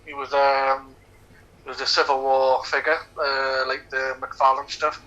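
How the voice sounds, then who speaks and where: A man's voice: mid-range voice, completely flat delivery, a little slow, bright, forceful tone, dull audio. A man co-hosting a casual film commentary podcast, laughing often, swearing freely and rambling. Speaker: podcast co-host.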